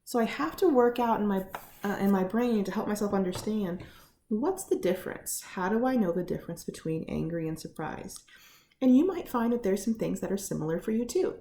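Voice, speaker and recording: A woman giving a casual lesson on feelings from her living room, explaining gently with many fillers. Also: medium pitch, animated, brisk, reverberant. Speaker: teacher.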